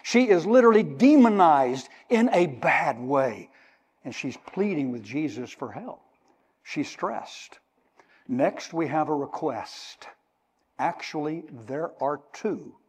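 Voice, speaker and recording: A man's voice: a little high, lively intonation, slow pace, breathy edge. An older man preaching a sermon in a church, emphatically explaining Greek words. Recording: long reverb of a hall.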